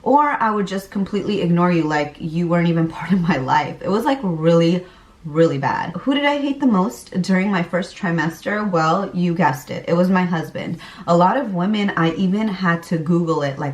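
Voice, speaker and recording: A woman's voice: fairly low pitch, normal speed. A young woman vlogging candidly and chattily about her pregnancy, laughing now and then as she recalls things. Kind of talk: casual pregnancy vlog talk. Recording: roomy, a bit far from the mic.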